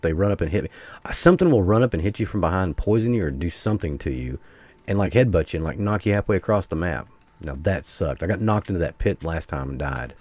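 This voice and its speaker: A US man with a voice that sits low gives casual, rambling gameplay commentary as a gaming YouTuber. He swings between excitement and grumbling.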